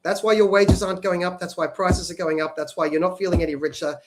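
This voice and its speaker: Aussie guy on a policy podcast, fairly high voice, explaining tax stuff casually, keeps saying "right?". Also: fairly even intonation, quick pace, background noise. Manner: explanatory, frequent "right?" tag questions. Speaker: podcast co-host.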